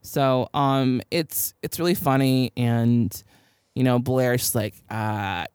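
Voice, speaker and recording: A woman's voice: very deep voice, takes it slowly, a little mellow, smooth, no echo. A young woman co-hosting a casual podcast, chatty and giggly as she recaps a TV episode. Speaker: podcast co-host.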